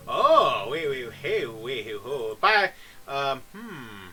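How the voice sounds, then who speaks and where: A man's voice: medium pitch, big pitch swings, takes it slowly, faint music behind, poor audio. Man gaming with jumpy outbursts. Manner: jumpy reactions, sudden loud exclamations. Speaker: let's play gamer. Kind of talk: let's play commentary.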